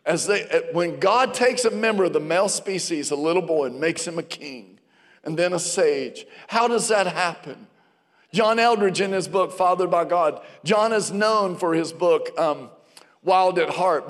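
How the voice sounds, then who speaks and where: High-voiced preacher in a reverberant hall. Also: male voice. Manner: storytelling, calls out to the congregation. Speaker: pastor. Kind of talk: sermon. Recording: long reverb of a large hall.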